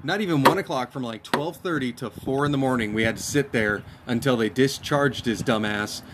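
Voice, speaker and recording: A man's voice: medium pitch, a little fast. A young man from Texas tells a story among friends in a loose, profane, exasperated way. His voice sits in a middle register. A faint noise hangs behind him. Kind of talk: casual chat.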